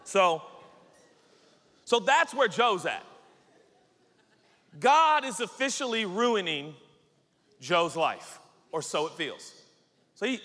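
A man in his forties preaching a sermon in an animated, jokey, conversational way. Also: a little high. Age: 40s. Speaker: pastor. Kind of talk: humorous sermon storytelling. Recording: echoey hall with faint ambience.

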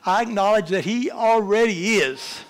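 A pastor preaches in church with an expressive voice at normal speed. His impassioned delivery rises and falls in both pitch and volume.

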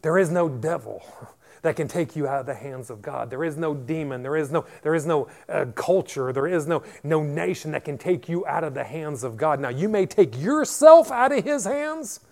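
A man's voice: on the high side, moderate pace, gravelly. A male pastor preaching a sermon to his church, building to emphatic declarations and repeating words as he goes.

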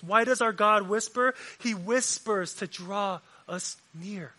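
Speaking slowly in a high pitch, a male preacher repeats phrases to drive them home, alternating powerful passages with quiet, near-whispered ones.

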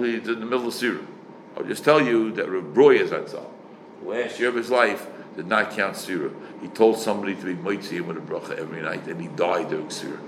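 An older man, a rabbi, answering questions on Jewish law in an emphatic, animated way, dropping Yiddish and Hebrew words. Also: on the low side, roomy sound, a little hiss or hum, rough recording. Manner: animated, emphatic, swings his voice up sharply for stress.

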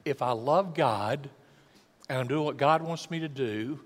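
An older man, preaching a folksy sermon that swells from quiet to loud and acts out voices. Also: mid-range voice, a little slow. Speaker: pastor. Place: church sanctuary. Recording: long church hall reverb.

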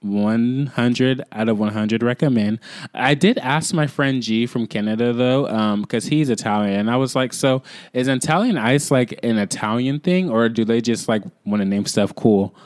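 A young man hosting a podcast, telling a rambling casual story full of fillers, in quick bursts. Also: medium pitch, no room sound, clean studio sound. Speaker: podcast host.

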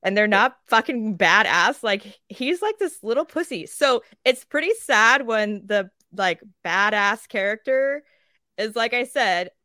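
A woman co-hosting a casual podcast. She rants in a lively way, swears freely and acts out quoted characters. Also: mid-range voice, a little slow, no echo, studio quality. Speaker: podcast co-host.

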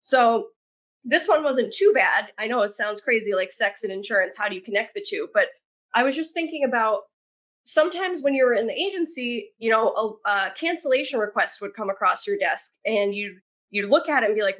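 Podcast guest, woman, chatty and expressive storyteller, voice a little high. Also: fairly quick. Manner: chatty, talks with her hands, many "like" fillers. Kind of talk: casual storytelling.

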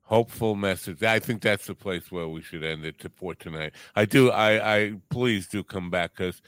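A man hosting an interview show, speaking in a halting way and wrapping up with his guest. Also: lowish voice, a bit bright, no echo. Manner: halting, with many fillers and restarts. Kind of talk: casual interview talk.

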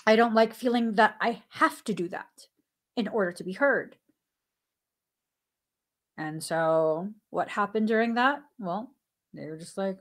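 A woman hosting a spiritual podcast, talking earnestly and candidly with thoughtful pauses. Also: medium pitch, expressive, fairly bright tone. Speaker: podcast host. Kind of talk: reflective spiritual podcast talk.

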